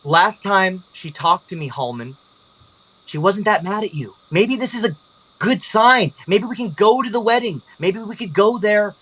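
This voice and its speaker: A woman's voice: medium pitch, expressive, moderate pace, fairly bright tone, breathy edge, voice pushed up, rough recording. A man voicing a fiery, defensive young woman in a tabletop game, swearing as she swings between apology and anger. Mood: hopeful.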